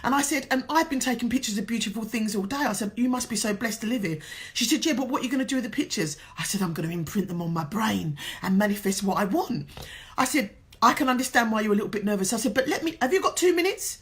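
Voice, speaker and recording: Speaking fast in a slightly high voice, a woman life coach from England shares an earnest, emotional motivational story. She grows tearful at moments and quotes what people said.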